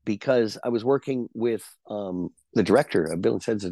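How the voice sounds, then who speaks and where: Low-voiced man telling rambling stories. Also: normal speed, dark tone, no echo. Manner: rambling anecdotes with fillers and restarts. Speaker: actor guest. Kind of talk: casual interview chat.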